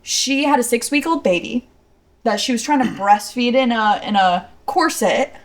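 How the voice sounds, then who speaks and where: A woman's voice: a little high, moderate pace. A young woman co-hosting a casual podcast, chatting enthusiastically about a TV episode and sharing fun facts with a laugh. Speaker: podcast co-host. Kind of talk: casual chat reviewing a TV episode.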